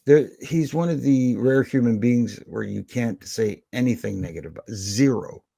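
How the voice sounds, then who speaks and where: A middle-aged man, a former wrestling referee, telling lively anecdotes as a podcast guest and slipping into the voices of the people in them. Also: mid-range voice, moderate pace, creaky, husky, dry recording. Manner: animated anecdotes with quoted voices. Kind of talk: storytelling in a podcast interview.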